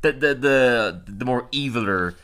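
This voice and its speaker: A man hosting a podcast, recapping a cartoon episode in casual chat, animated and laughing often. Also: medium pitch, a little slow, clear, resonant tone. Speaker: podcast host.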